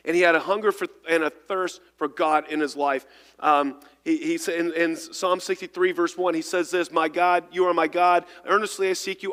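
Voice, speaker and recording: A fairly high, steady voice carries a pastor's earnest sermon, delivered a little fast, with a long reverb tail filling the church sanctuary. He frequently repeats or restarts words and alternates between booming and quiet moments.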